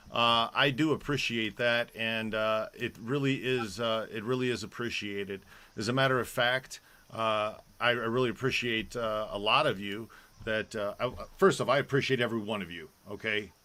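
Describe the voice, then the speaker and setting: A man's voice: medium pitch, normal speed, bright, forceful tone. A man hosting a live online show, chatting casually and rambling with many fillers and restarts. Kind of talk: casual live-stream chat.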